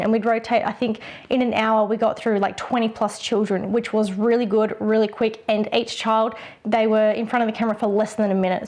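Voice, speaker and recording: A woman giving casual photography tips, chatty with frequent ums and restarts. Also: a little high. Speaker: photography vlogger. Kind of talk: casual tutorial talk.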